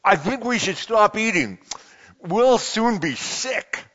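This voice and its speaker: A man voicing Frog, a sensible, patient storybook frog, reading slowly and evenly, in a muffled recording in a reverberant hall. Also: fairly high pitch, very animated, fairly bright tone.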